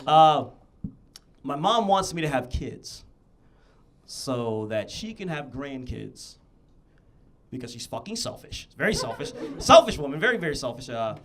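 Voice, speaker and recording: A male stand-up comedian performing a set, telling animated stories that build into shouted rants. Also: medium pitch, unhurried, pauses often, slight background noise.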